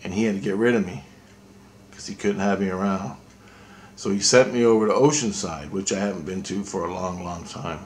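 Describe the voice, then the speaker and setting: A man's voice: low-pitched, fairly even intonation, brisk, slight background noise. A man vlogging a rambling, intense spiritual monologue, swearing freely.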